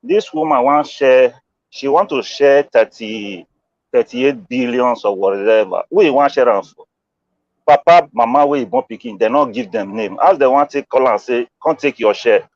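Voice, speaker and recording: A Nigerian man speaks in a relaxed, chatty way, laughing often. His voice sits at a middle pitch, and the recording is dull and lo-fi. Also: moderate pace, vocal fry, no echo. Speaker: panelist. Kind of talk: casual chat.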